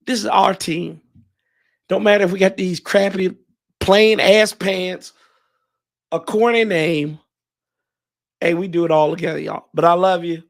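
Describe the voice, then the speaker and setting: A man hosting a fan livestream, hoarse and emotional, thanking his viewers in a rambling, heartfelt way with many restarts. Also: high-pitched, steady tone, measured pace, pauses often. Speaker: fan show host.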